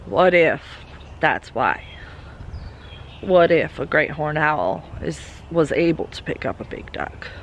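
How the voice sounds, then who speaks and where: A woman's voice: low-pitched, expressive, takes it slowly, background noise. A woman with a Southern American accent talking casually to camera outdoors on her homestead, musing worriedly and cooing to her goats. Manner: worried and musing, then doting baby talk to goats. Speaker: homesteading vlogger. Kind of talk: casual vlog talk to camera and animals. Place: outdoors on a farm with animals. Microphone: camera mic on a tripod.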